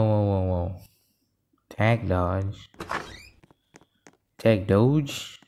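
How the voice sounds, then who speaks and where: Slow-talking man ranting over gameplay. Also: sits low, gravelly, clean tone. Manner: excitable, frustrated, keeps saying "literally". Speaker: gaming video creator. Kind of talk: live gameplay commentary.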